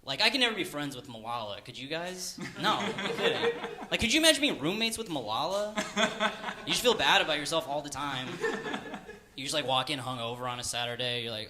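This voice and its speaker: A man's voice: on the high side, lively intonation, a little fast, crowd noise. A man doing a stand-up comedy set at a live venue, rambling and self-deprecating, with lots of fillers. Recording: live room with audible noise.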